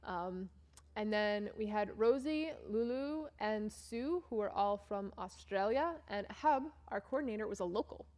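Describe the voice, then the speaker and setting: A woman's voice: medium pitch, lively intonation, measured pace, a little mellow. A young woman from Maine telling a chatty, self-mocking story about a mission trip to a church audience while showing slides. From Maine, USA. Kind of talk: casual storytelling talk with slides.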